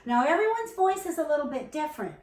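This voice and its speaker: A woman's voice: sits high, sing-song, quick pace, darkish tone. A woman vocal coach teaching a beginner singing lesson, encouraging and demonstrating sounds, with faint keyboard behind her. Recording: echoey room, recorded from a distance.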